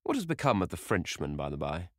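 A man's voice: wildly swooping pitch, quick pace, no echo, studio quality. A man doing a grave, earnest painter. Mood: friendly. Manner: grave, earnest, deep-voiced. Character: grave earnest male painter, anxious friend.

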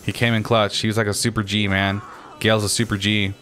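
A young gaming channel host narrates his own match, ranting, complaining, and swearing nonstop about the other players. His voice is lowish and fairly quick, with little pitch movement and a sharp tone. Faint music and faint background noise sit behind him.

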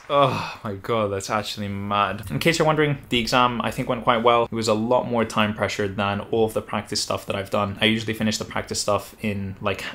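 A young man in his twenties, a medical student, chatting casually to his camera with a relaxed, easygoing manner. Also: fairly low pitch, noisy background. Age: 20s. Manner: relaxed, chatty, says "mad" a lot. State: out of breath while walking. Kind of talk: casual vlog talk to camera. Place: London streets and home.

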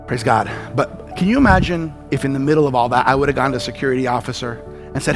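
A man preaching a sermon as a pastor, telling a story with animated delivery and acting out panicked shouts and dialogue. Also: mid-range voice, fast, music in the background.

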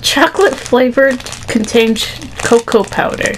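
A woman's voice: fairly high pitch, a little slow, slight background noise, rough recording. A woman chatting casually while playing a video game, laughing often mid-sentence. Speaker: gamer streaming with a friend. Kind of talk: casual gaming chat.

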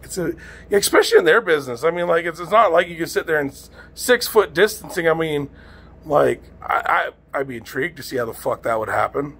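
A man's voice: fairly high pitch, sing-song, fairly quick, vocal fry, fairly bright tone, husky. A man doing a rambling, profane stand-up rant. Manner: profane, rambling, exasperated ranting. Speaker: amateur comedian.

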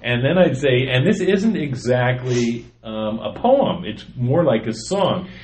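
A man's voice: mid-range voice, expressive, a little slow, darkish tone. Chatty man sharing his poems. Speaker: podcast co-host reading his poetry. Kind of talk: casual chat.

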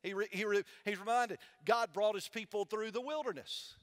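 A man's voice: high voice, normal speed, fairly bright tone. A male pastor preaching a sermon in a large church with a balcony. He uses call-and-response, posing questions for the congregation to answer back. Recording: long church hall reverb.

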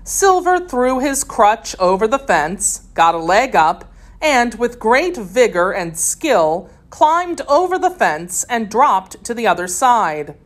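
Woman slowly reading a children's adventure. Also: a little high. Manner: steady, expressive storytelling. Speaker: narrator. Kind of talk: reading a children's story aloud.

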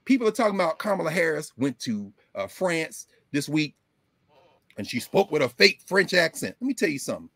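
Animated man with lively, dry-voiced commentary. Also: on the high side, fairly quick, no room sound. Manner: animated, emphatic, switches into colloquial talk. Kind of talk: lecture-style commentary.

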